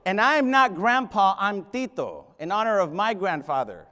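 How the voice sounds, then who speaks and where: A man's voice: high voice, sing-song, moderate pace, bright, forceful tone. A middle-aged man giving a humorous keynote at a conference, joking with the audience and switching into Spanish. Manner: joking, addresses the crowd directly, switches into Spanish. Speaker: keynote speaker, high school principal. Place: large conference hall. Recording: long reverb of a large conference hall.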